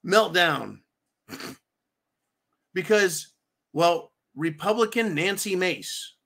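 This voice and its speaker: Male political rant host, bright and forceful tone, sarcastic, swears freely, talks straight to his folks. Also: high voice, vocal fry. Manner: profane, sarcastic, keeps addressing listeners as folks; repeats himself for emphasis.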